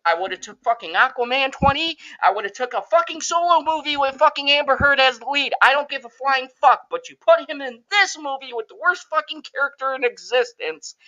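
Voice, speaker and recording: A middle-aged man hosting a podcast, ranting loudly and swearing, exasperated. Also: very high-pitched, expressive, brisk, few pauses, highs cut off. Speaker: podcast host. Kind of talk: profane movie rant.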